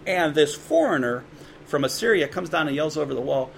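A man preaching a sermon in a conversational way, with quick asides and dramatic quoted voices. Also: fairly high pitch, lively intonation, creaky, a little hiss or hum. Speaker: pastor.

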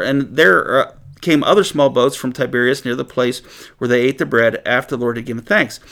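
Gravelly man teaching the Bible casually. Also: mid-range voice, fairly quick. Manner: conversational, animated, chuckles often.

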